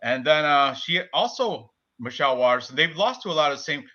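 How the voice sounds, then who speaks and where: Bright-voiced man chatting fight picks. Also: a little high, lively intonation, brisk. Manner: rambling, lists fighters, stumbles over names. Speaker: betting podcast co-host. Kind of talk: casual live-stream sports betting chat. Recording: dull lo-fi stream audio.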